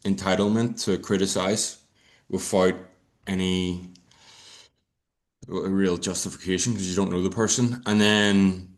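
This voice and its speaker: Low-voiced Irish man, rambling and swearing. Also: fairly even intonation, measured pace, pauses often. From Ireland. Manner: rambling, swearing, many fillers and restarts. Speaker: podcast guest. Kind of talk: casual podcast chat.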